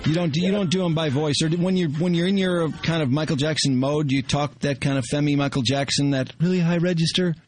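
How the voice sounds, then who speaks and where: A man with a slightly high voice co-hosting a radio show. He makes wisecracks and sarcastic jabs at a caller, with faint music under his voice. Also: fast, hardly any pauses, darkish tone. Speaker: radio co-host. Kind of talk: morning radio banter.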